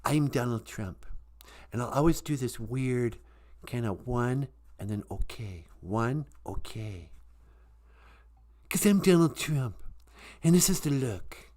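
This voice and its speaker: A man's voice: medium pitch, lively intonation, slow pace, long pauses, a little mellow. A man doing an impression of a boastful, self-satisfied older male tycoon politician.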